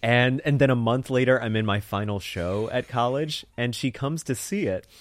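A young man co-hosting a podcast, telling a rambling comic story with animated quoted voices. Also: medium pitch, normal speed. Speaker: podcast co-host. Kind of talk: casual comedic chat. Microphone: studio mic on a stand.

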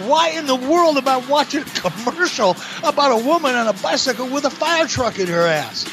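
High, lively-voiced man telling profane stories. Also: a little fast, hardly any pauses, music in the background. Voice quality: animated, emphatic delivery with big pitch swings. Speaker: podcast guest. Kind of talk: casual profane storytelling.

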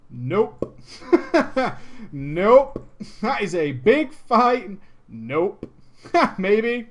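A man streaming, reading a viewer's story aloud with crude, swearing, jokey asides. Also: high-pitched.

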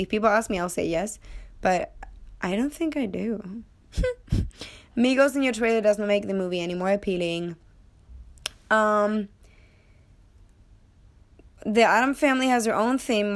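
A woman hosting a casual solo podcast, reading viewer comments aloud with sarcastic asides and frequent laughter. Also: medium pitch. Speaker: podcast host.

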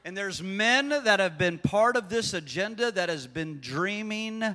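A man preaching a sermon, swinging from hushed asides to shouted proclamations. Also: high voice, expressive, measured pace, in a large hall. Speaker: pastor.

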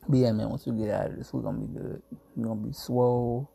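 A sleepy young man talks loosely through his own podcast from home, yawning as he goes and joking around in a laid-back ramble. His voice is dark and heavily husky, thick with gravelly fry. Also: medium pitch, little pitch movement, fast. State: groggy and yawning, just woke from a nap. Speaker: podcast host. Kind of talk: casual solo podcast chat.

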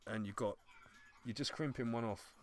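A man hosting a casual podcast, talking at an ordinary middle pitch. He lays out long hypothetical scenes step by step and slips into mock-polite voices for the people in them. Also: moderate pace. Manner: builds scenarios, acts out posh politeness. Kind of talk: casual banter.

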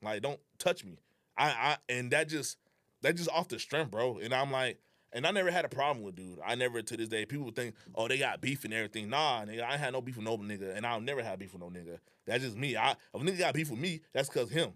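In a fast, mid-range voice, this young guest casually recounts something that happened to him. He plays out the dialogue with animation, and his language is slangy and profane.

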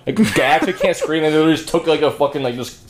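A man's voice: fairly high pitch, very fast, background noise. A young man hosting a podcast, crude and joking in casual banter, often laughing. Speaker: podcast host.

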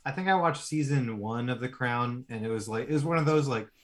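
A man from the Philadelphia area co-hosting a podcast in casual chat, giving dry, deadpan short replies. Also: mid-range voice, a little fast. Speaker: podcast co-host.

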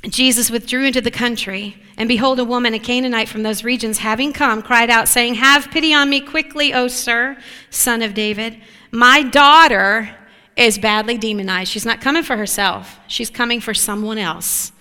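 Bright-voiced woman preaching in a reverberant hall. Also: fairly high pitch, normal speed, clear, resonant tone. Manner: animated, affirming, asks the listeners for agreement. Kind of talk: sermon.

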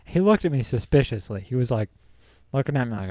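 Young male podcast host, warm mellow tone, dry close sound, laid-back storyteller who laughs a lot. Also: mid-range voice, sing-song, fast, dry recording. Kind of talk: casual storytelling.

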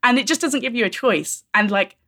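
A woman's voice: a little high, fairly quick, pushed and bright. A woman chatting casually and earnestly about a game. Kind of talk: casual chat.

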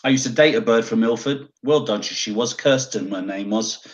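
A man's voice: medium pitch, normal speed, dull audio. A middle-aged man from South West London with a London accent, a cheeky co-host who banters and swears lightly. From South West London, England. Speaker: podcast co-host. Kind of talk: casual podcast chat.

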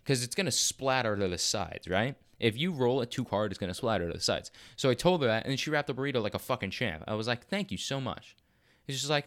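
A man's voice: mid-range voice, fast. Rambling, profane young man telling a story. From Arizona. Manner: profane, rambling, animated quoting of others. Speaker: podcast storyteller. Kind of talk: casual storytelling.

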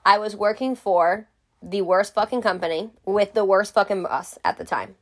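A woman's voice: mid-range voice, normal speed. A young woman telling a storytime vlog in a blunt, exasperated, profane way. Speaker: vlogger.

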